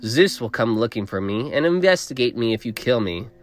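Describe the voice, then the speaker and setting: A man's voice: medium pitch, expressive, a little fast, soft background music, natural voice. A man voicing a proud young woman with powers who speaks coldly and condescendingly. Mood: cold defiant. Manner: cold, cutting, condescending.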